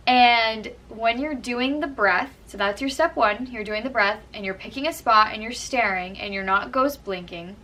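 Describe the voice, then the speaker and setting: Bright-voiced young woman giving tips. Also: fairly high pitch, normal speed, hardly any pauses, recorded from a distance, low-quality recording. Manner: chatty, earnest, frequent "like" and "kind of". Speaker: vlogger giving acting tips. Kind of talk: casual how-to talk to camera.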